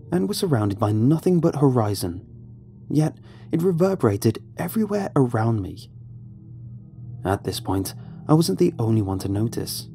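A man narrates a first-person horror story in a measured, suspenseful manner. His voice is mellow and low in brightness, with lively swings of pitch. Quiet music runs in the background. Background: faint music.

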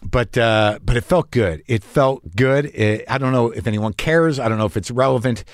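A man's voice: mid-range voice, moderate pace, dry recording, studio quality. A man, a comedian and podcast host, telling a long story in a rambling, profane, self-questioning monologue.

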